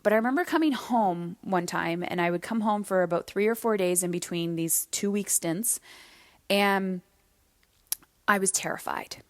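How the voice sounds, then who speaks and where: A woman's voice: medium pitch, no room sound. Candid woman hosting a solo podcast. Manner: candid, conversational storytelling; slows down to stress key points. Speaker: podcast host.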